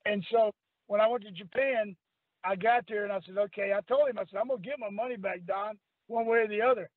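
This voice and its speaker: An older man, telling rough, salty wrestling-road stories on a radio podcast, often breaking into laughter. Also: high voice, quick pace, no echo. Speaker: guest, retired wrestler. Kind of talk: storytelling on a call-in radio podcast. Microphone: phone line. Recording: tinny phone line, dry.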